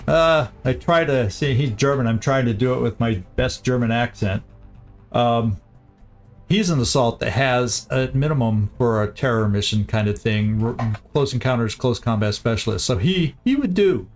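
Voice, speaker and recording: A man's voice: mid-range voice, normal speed, faint music behind. A man streaming a strategy game, thinking aloud in casual commentary, often repeating himself and muttering asides. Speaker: gaming streamer.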